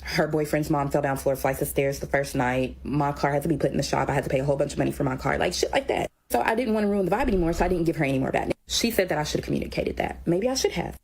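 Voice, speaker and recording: A woman's voice: sits low, animated, racing, vocal fry, hardly any pauses, a little mellow, slight background noise. A young woman who teaches, dryly retelling an argument in casual storytelling.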